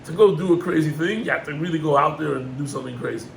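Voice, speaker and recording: A middle-aged man, a rabbi, gives an animated Torah lesson, climbing in pitch on emphatic points and mixing in Hebrew terms. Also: fast talker, gravelly, a little hiss or hum, rough recording.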